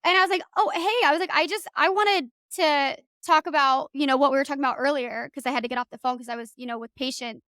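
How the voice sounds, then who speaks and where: A young adult woman hosting a podcast, telling a story in an animated, profane rant and acting out the dialogue. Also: high voice, fast, hardly any pauses, no room sound, clean studio sound. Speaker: podcast host.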